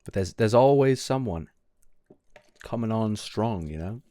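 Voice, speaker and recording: A British-accented male streamer with a lowish voice talks unhurriedly to his chat. He is wry and teasing, drifting between thoughts and clearing his throat often. The sound is close and dry. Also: animated, a little slow, dark tone, dry recording. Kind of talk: casual live-stream chat with viewers. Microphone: close desk mic.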